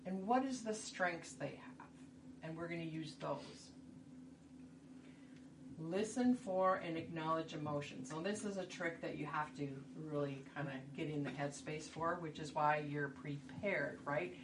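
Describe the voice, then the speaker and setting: Workshop presenter, woman with a slightly low voice, chatty and asks "right?" a lot, mic far away. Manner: conversational, rhetorical questions. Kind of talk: instructional talk. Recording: distant mic, noisy room.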